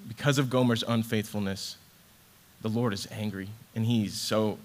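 A man's voice: lowish voice, steady tone, normal speed. A young adult man preaching a sermon in a conversational, earnest way, with casual fillers. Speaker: ministry associate director preaching.

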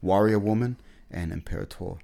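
A man's voice: on the low side, moderate pace, gravelly, warm tone. A man in casual podcast chat, rambling and enthusiastic, with many fillers and restarts.

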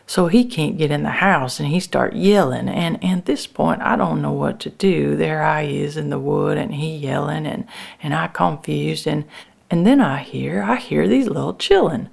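Low gravelly woman telling a story. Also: a little mellow. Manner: rural dialect, halting restarts, folksy. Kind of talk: first-person storytelling monologue.

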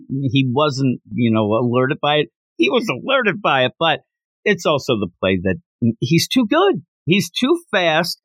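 Lively man recapping a manga. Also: mid-range voice, no room sound. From United States. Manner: animated, breaks into quick acted quotes and mock announcer yells. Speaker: manga podcast host. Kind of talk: casual recap and commentary.

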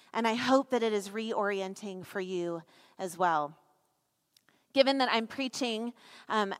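A woman preaching a sermon with emphatic, animated delivery and playful asides to her congregation. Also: a little high. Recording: reverberant church hall.

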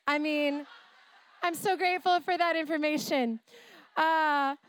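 A middle-aged woman preaching a sermon in church, retelling a story with playful asides and animated energy. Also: sits high, measured pace, no echo. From Canada.

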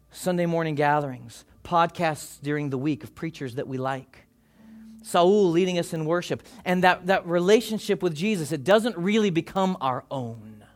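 A man with a high voice preaching to a church congregation. He delivers an impassioned sermon, rising to loud calls and then dropping to hushed, almost whispered lines. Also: measured pace. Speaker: pastor. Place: church service before a congregation.

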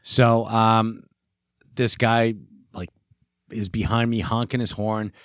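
A man in his thirties telling a profane, animated story in casual chat. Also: on the low side, takes it slowly, no echo, studio quality. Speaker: podcast guest.

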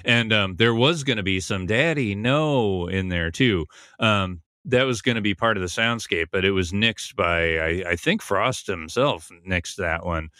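A man's voice: deep voice, normal speed, pushed and bright, clean tone, no echo, clean studio sound. A man hosting a podcast, casually recapping and analyzing a TV episode in a thoughtful, conversational way, thinking aloud as he goes. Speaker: podcast host.

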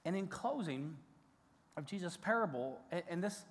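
A man's voice: high voice, animated, normal speed, fairly bright tone. A male pastor preaching a sermon in a conversational, emphatic way, with restarts and rising peaks of intensity. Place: church sanctuary. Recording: long church hall reverb.

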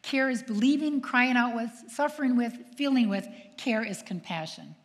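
An older woman, a nun, telling stories to an audience in a lively way, acting out quoted voices and asking her listeners questions. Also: fairly high pitch, normal speed. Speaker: nun and speaker. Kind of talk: storytelling talk to an audience. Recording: long hall reverb.

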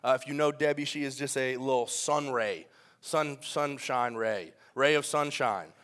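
A young adult man preaching a sermon in a church, animated and joking, firing questions at the congregation. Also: mid-range voice, unhurried. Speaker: pastor. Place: church sanctuary.

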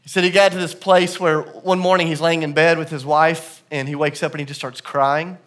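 A male pastor preaching a sermon in a church service, telling stories that swing from hushed to loud and emphatic. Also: fairly high pitch, flat delivery, a little fast.

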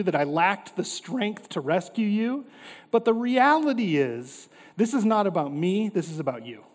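A man in his thirties preaching a sermon with earnest delivery, often dropping low and quiet for dramatic lines. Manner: earnest preaching, voices God with dramatic drops in pitch and volume. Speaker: pastor. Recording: reverberant hall.

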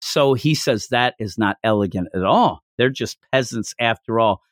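A man hosting a casual podcast, recapping a manga chapter in an animated way and slipping into put-on voices for the characters. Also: medium pitch, normal speed, dry recording, clean studio sound. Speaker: podcast host.

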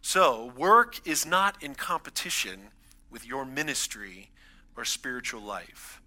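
Bright-voiced male pastor preaching. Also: mid-range voice, lively intonation, slow. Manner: conversational preaching, builds emphasis on key lines. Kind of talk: sermon.

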